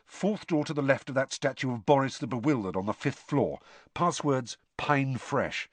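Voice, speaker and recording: A man voicing a friendly older teenage boy who speaks low and confidingly, with small hesitations. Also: expressive, moderate pace, no room sound, close to an everyday voice. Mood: confiding hushed. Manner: hushed, confiding, hesitant fillers.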